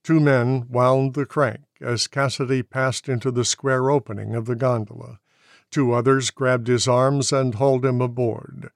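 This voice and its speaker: A man reading a novel aloud in slow, measured audiobook narration. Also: medium pitch, little pitch movement, no echo, clean studio sound.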